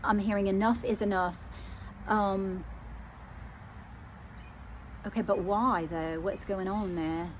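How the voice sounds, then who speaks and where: A woman psychic medium doing a channelling reading, talking hesitantly, repeating phrases, softly moved. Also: medium pitch, steady tone, slow pace, pauses often, a little hiss or hum.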